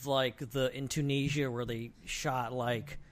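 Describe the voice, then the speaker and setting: A man's voice: medium pitch, little pitch movement, unhurried. A man co-hosting a casual podcast, talking in a playful, loose and self-mocking way. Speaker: podcast co-host.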